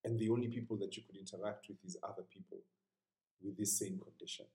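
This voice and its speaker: Preacher, male, earnest and conversational, low mellow voice, echoey room. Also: steady tone, quick pace. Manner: earnest, conversational, dropping to a hushed whisper at times. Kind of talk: sermon.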